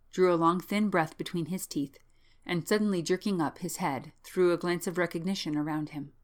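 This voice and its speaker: Low-voiced woman narrating a tale. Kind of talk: scripted narration.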